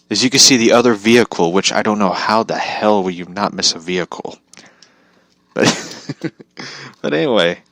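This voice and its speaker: A man's voice: lowish voice, fairly bright tone, no echo. A young man talking casually in a rambling vlog monologue, laughing often, swearing and restarting his sentences. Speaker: vlogger.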